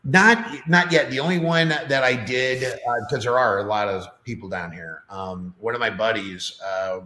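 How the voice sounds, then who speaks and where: A man's voice: medium pitch, moderate pace, bright, forceful tone, roomy sound. A middle-aged man, a podcast guest, chatting casually and telling stories with lots of fillers. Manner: chatty storyteller with many fillers. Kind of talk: casual chat.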